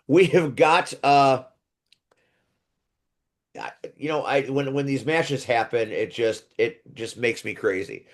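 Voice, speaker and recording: A man hosts a podcast, previewing wrestling matches with casual enthusiasm, rambling and restarting his sentences. His voice is mid-range and slow.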